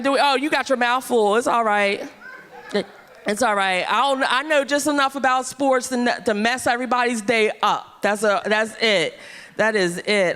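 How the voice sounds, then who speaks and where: A woman's voice: a little high, fairly bright tone, clear, resonant tone. A woman hosting a stand-up show, teasing the crowd on a handheld stage mic. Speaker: comedy show host. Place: comedy club stage. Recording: live club with long reverb.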